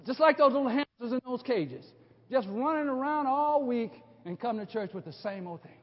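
Impassioned high-voiced preacher in a hall. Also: male voice, lively intonation, brisk. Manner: impassioned, swings from hushed to shouting; repeats and restarts phrases. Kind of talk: sermon. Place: church sanctuary. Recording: dull sound with a long hall reverb.

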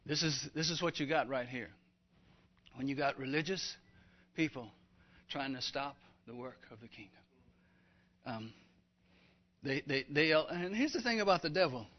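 A man preaching a sermon emphatically, building to fervent, loud passages. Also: fairly high pitch, animated, normal speed, pauses often. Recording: dull lo-fi recording.

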